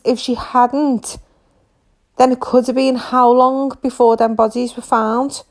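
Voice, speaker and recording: A woman hosting a podcast from her couch at home, ranting about true crime in an exasperated, animated way, full of rhetorical questions. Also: fairly high pitch, moderate pace, gravelly. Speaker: podcast host. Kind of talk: casual true-crime rant.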